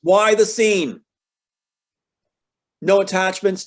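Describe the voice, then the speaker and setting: In an interview, a man speaks passionately about his screenplay, now and then reading scenes aloud and growing emotional. His medium-pitched voice is expressive and a little fast, rising sharply when he gets indignant. It's a conversational interview mixed with script reading.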